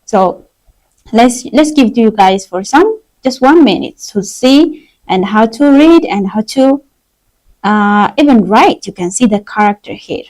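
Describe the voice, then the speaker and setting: A woman runs a live-streamed language class, leading her viewers through slow repetition drills. Her talk is unhurried and her pitch rises and falls a lot, with a fairly high but mellow tone. Her English is simple and non-native. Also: animated, low-quality recording. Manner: drills words slowly for learners to repeat. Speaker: Chinese teacher.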